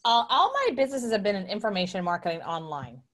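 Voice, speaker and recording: A middle-aged woman, a guest entrepreneur, tells her story in a casual interview, talking fast in a mid-range voice. She is animated and acts out the voices of the people she quotes.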